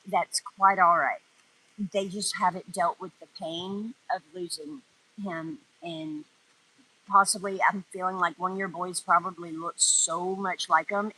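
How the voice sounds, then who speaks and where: A woman's voice: mid-range voice, pushed and bright, low-quality recording. A woman from North Georgia gives a casual, rambling live tarot reading outdoors in the wind, laughing often. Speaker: tarot reader.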